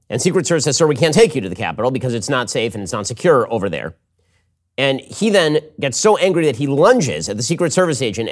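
A man hosting a political commentary show, delivering a quick, sardonic, opinionated monologue into a studio mic. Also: medium pitch. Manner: animated, sardonic, quick restarts.

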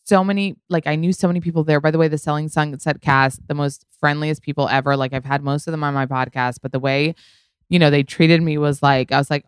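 Chatty low-voiced woman podcast host. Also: fairly even intonation, fairly quick, smooth, no echo, studio quality. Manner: chatty, lots of "like" and "you know", swears casually. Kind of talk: casual solo podcast storytelling.

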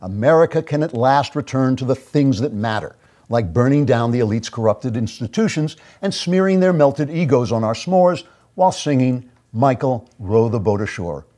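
A man's voice: medium pitch, expressive, moderate pace, mellow. A man hosting his own show, delivering a sarcastic, mock-grandiose commentary monologue. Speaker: host.

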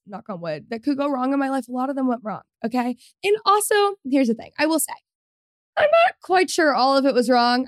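A woman's voice: a little high, no echo, clean studio sound. A woman in her twenties hosting a solo podcast, chatting casually and rambling with lots of fillers. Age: 20s. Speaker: podcast host.

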